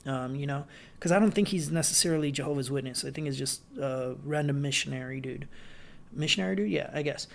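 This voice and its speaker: A young man hosting a solo podcast, reviewing films in a loose, rambling way and acting out scenes with quick quoted voices. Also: medium pitch, creaky. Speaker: podcast host, film reviewer. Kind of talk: casual solo film review.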